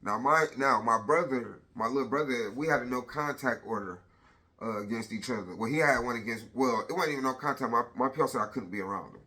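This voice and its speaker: Bright-voiced man telling a blunt story. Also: medium pitch, fast. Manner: blunt, profane, animated retelling. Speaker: father telling his story. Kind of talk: casual storytelling vlog.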